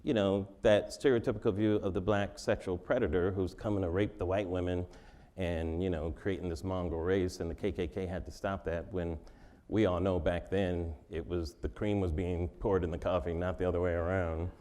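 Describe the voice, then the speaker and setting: A man's voice: deep voice, level tone, moderate pace, dark tone. A man answering interview questions in a joking, conversational way, laughing often. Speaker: interview guest.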